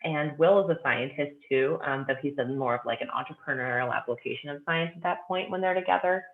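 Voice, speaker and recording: A woman's voice: low voice, a little fast. A woman guest gushing enthusiastically about books in a casual chat, with lots of fillers. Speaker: guest author. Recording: tinny remote phone line with echo.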